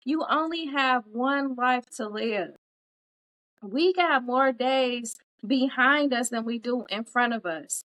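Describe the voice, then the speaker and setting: A woman with a slightly high voice speaks on a live podcast. She talks earnestly and casually, with plenty of "like" fillers, and urges her listeners to get out and live. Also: a little slow, a bit bright, poor audio. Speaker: podcast co-host.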